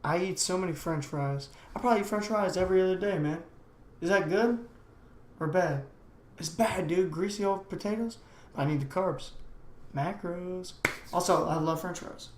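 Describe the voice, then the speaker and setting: A man's voice: high voice, moderate pace. A young man hosting a casual solo podcast, rambling along in slangy talk full of "man" and "dude". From United States. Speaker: podcast host. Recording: echoey room.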